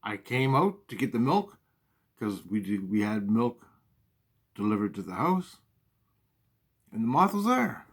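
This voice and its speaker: A man voicing his mother as a profane, exasperated woman, pitched well above his own voice. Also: big pitch swings, unhurried, pauses often, slightly rough, heavily acted.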